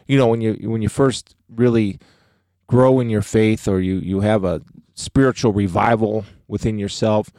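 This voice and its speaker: A man's voice: fairly low pitch, steady tone, normal speed, dark tone, no room sound, clean studio sound. A middle-aged man co-hosting a faith podcast, talking earnestly and emphatically about his beliefs. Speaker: podcast co-host.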